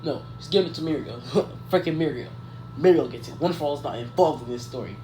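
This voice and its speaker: A man's voice: on the high side, quick pace, darkish tone. Rambling man telling a story in an echoey room. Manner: rambling, self-correcting, lots of "like" and "um". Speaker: YouTuber telling a fan story. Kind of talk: casual improvised storytelling. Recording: echoey room with faint background noise.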